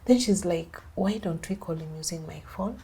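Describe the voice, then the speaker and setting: A woman's voice: lowish voice, moderate pace, background noise. A young Kenyan woman with a Kenyan accent, recounting a personal story as an interview guest and switching between English and Swahili. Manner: mixes English and Swahili, acts out others' lines.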